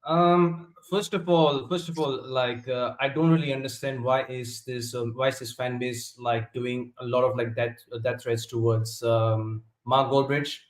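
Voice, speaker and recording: A man's voice: medium pitch, fairly even intonation, measured pace, few pauses, echoey room, rough recording. A man calling in to a fan show, speaking hesitantly with many fillers and restarts. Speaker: caller. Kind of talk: casual fan call-in chat.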